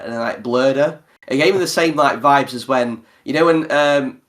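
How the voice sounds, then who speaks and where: A man hosting a relaxed podcast conversation at an ordinary middle pitch. He talks in an animated way and breaks into laughter often. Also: moderate pace. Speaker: podcast host. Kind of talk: casual podcast chat.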